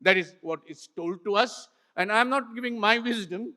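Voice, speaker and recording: An older man with an Indian English accent giving an illustrated talk to a festival audience, unhurried, with frequent pauses and fillers. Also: high-pitched, pushed and bright. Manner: unhurried, many pauses and fillers, points at slides. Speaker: festival speaker. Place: large hall with an audience. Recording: hall reverb from a stage mic.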